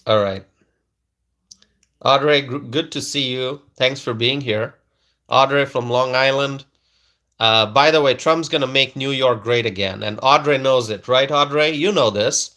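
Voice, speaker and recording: A man's voice: mid-range voice, bright, forceful tone. A man hosting a casual political livestream, reading viewer comments aloud, emphatic and repetitive, often asking his audience questions. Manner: slow, emphatic, repeats phrases and asks the audience questions.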